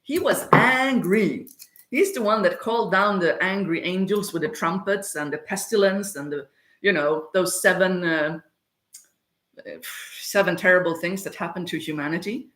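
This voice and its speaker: A woman's voice: on the low side, moderate pace, fairly bright tone. A woman, chatting casually and rambling off topic on a livestream from her home kitchen. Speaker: spiritual medium livestreaming. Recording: echoey room sound.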